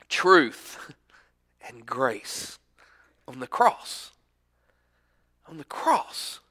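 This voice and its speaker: A man preaching a sermon, shifting between emphatic and hushed delivery. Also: mid-range voice, very animated, extremely slow, pauses often. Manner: emphatic, swings from loud to hushed. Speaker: pastor.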